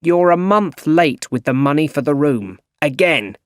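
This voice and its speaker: A gruff, blunt landlord barking about rent, as a male narrator puts him on, loud and slow. The recording is dry and close. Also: on the high side, lively intonation, no echo, voice pushed up. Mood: demanding.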